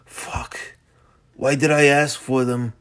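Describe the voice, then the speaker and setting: A rough young street fighter, cursing hard but rattled to his core, as a man voices him in a gritty audiobook reading. His talk is blunt and profane, close to the reader's own everyday voice. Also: mid-range voice, normal speed, natural voice. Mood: frightened. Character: tough young city brawler, scared and defiant.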